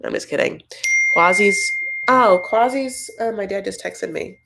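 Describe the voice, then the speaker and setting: A woman's voice: mid-range voice, a little slow, creaky, very noisy. A young woman hosting a casual live-stream chat from home, rambling through her thoughts and reading viewer comments aloud. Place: home, Los Angeles.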